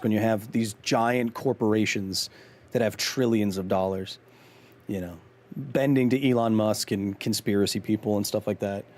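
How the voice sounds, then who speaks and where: A man's voice: fairly low pitch, a little mellow. A man hosting a live game stream, chatting casually with viewers, rambling with many restarts and poking fun at himself. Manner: rambling, chatty, talks back to chat; frequent ums and restarts, self-mocking. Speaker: gaming streamer host.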